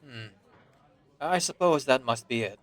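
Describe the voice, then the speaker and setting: Man voicing a wary con man, blunt, guarded, lively pitch. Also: measured pace. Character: shrewd wary male con man from America.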